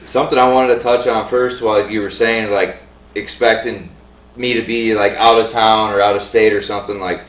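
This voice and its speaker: A man guesting on a casual podcast, relaxed and matter-of-fact with a fairly low voice. He sits a little off-mic, with a roomy echo around him. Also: fairly quick, distant mic, slight background noise. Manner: easygoing, matter-of-fact storytelling. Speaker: MMA fighter, guest. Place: his home.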